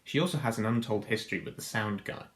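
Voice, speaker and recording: A man hosting a reaction video, narrating a scripted analysis in a dry, mock-grand deadpan. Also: lowish voice, fast. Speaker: video host.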